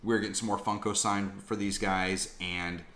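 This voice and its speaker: A man's voice: deep voice, level tone, moderate pace, pushed and bright, a little hiss or hum. A man rambling through a casual vlog about a convention, full of fillers and asides. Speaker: vlogger reviewing a convention.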